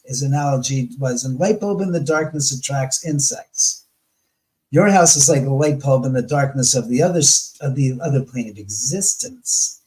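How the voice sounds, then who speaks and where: A man as an interview guest, telling stories in a rambling, animated way and often correcting himself mid-sentence. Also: mid-range voice, poor audio. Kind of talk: casual storytelling interview.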